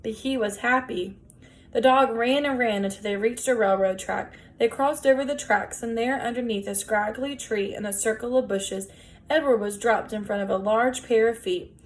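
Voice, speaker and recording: Woman reading a children's novel aloud. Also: on the high side. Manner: gentle, measured storytelling. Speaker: audiobook reader.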